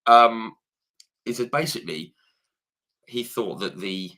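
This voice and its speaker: A man's voice: mid-range voice, takes it slowly, pushed and bright. A man hosting a podcast, chatty and storytelling, acting out what people said to him. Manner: chatty storyteller, acts out quoted dialogue. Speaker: podcast host. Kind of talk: casual podcast chat.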